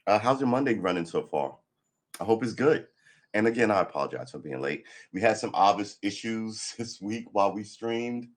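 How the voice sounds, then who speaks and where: A hoarse man hosting a casual morning live stream, rambling through a story and laughing at himself. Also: on the low side, animated, moderate pace.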